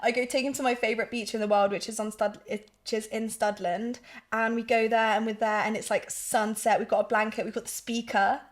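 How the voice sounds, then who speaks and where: A woman's voice: on the high side, little pitch movement, brisk. A young woman, co-hosting a podcast and gushing through a personal story in casual chat. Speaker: podcast co-host.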